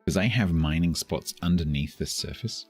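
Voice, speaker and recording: Very deep, husky male game streamer. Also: normal speed, faint music behind. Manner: chatty, chuckling, thinking aloud. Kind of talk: casual live gameplay commentary.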